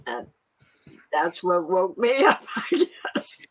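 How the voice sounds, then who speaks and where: Slow-talking middle-aged woman farmer. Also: fairly low pitch, very animated, a bit bright, low-quality recording. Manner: slow, laughs often while talking. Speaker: guest, farmer. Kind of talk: casual interview talk.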